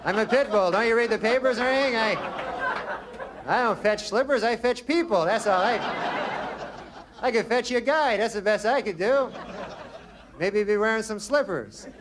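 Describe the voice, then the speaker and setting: A man's voice: high-pitched, moderate pace, pauses often, a crowd in the background, pitched above the performer's own voice, lightly acted. A man voicing a talking pit bull as a blunt tough guy who makes matter-of-fact threats, in a noisy live recording. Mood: threatening.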